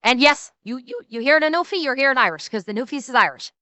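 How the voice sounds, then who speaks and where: A woman's voice: high-pitched, lively intonation, fast talker, bright, forceful tone, dry recording. Woman putting on a brash Newfoundland scold. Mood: sing-song boast. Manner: mocking, sing-song, heavy dialect slang. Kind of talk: streamer reaction rant.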